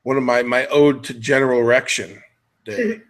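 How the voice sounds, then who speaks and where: A man's voice: medium pitch, lively intonation, moderate pace. A middle-aged man hosting a podcast, chatting casually and jokily as he wanders off on tangents. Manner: rambling, jokey, jumps between tangents. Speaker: podcast host.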